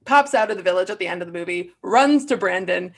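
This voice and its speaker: A young woman recapping a movie in casual chat, animated and playful, breaking into silly voices for the characters. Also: on the low side, fast. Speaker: podcast co-host.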